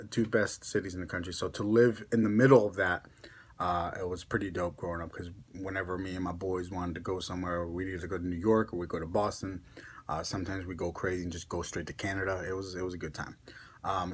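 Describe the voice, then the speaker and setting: Husky, rambling young man with a Connecticut accent. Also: deep voice. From born in Mexico, raised in Connecticut. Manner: rambling, chatty, laughs at himself. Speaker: ASMR vlogger. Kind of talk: casual chat.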